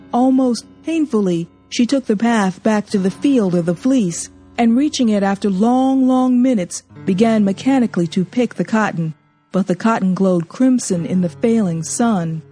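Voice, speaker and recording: A woman giving an expressive, measured audiobook reading of a novel. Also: medium pitch. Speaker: audiobook narrator. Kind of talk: literary audiobook narration.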